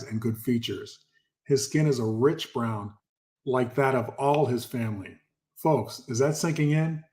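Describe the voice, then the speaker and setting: A man hosting his own channel, reading passages aloud and commenting on them emphatically. He repeats key words and speaks directly to his viewers. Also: medium pitch. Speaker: channel host.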